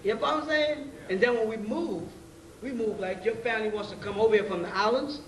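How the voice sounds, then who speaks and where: Man, high voice, slangy lecturer quizzing his class; distant, roomy 90s tape with faint hiss. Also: fairly quick. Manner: conversational, keeps checking in with rhetorical questions; blunt street slang and profanity. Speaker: teacher leading a class. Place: class meeting room.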